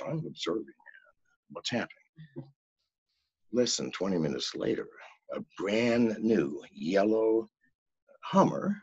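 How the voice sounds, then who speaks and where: An older man telling a story as a podcast guest, in a profane, animated way. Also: fairly low pitch, vocal fry, breathy edge, no echo. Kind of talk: casual storytelling. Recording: dull, lo-fi, dry sound.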